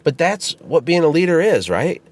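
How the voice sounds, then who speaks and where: A man co-hosting a casual podcast chat, telling stories in an animated way and laughing as he goes. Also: on the high side, moderate pace. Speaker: podcast co-host and business founder.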